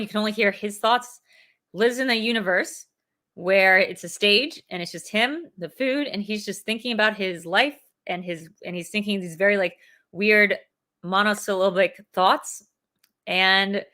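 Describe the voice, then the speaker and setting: Casting note: rambling, chatty woman co-host, bright clear voice. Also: medium pitch. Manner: chatty, rambling with many likes. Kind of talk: casual chat. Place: home.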